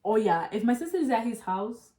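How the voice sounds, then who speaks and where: Animated, profane young woman. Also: a little high, fairly quick. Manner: animated, profane, addresses listeners as y'all. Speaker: storyteller. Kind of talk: casual chat. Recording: roomy echo.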